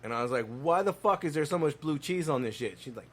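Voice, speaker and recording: A man co-hosting a podcast, telling animated, profane restaurant stories in casual chat. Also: on the high side, quick pace. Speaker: podcast co-host.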